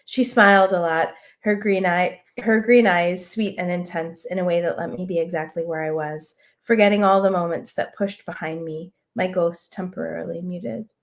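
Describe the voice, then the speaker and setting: A woman author reading a prose excerpt aloud in a measured, reflective way. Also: on the low side, steady tone.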